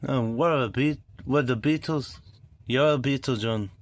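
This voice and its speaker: A man's voice: mid-range voice, measured pace, no echo, close to an everyday voice. A man putting on an impression of a pleading male bandmate with a put-on British accent. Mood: coaxing.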